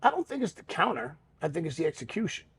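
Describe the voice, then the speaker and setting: Fast, very animated, and fairly high-pitched, this gravelly male voice has a slightly bright edge. He's a podcast co-host in candid conversation, swearing freely and mocking himself along the way.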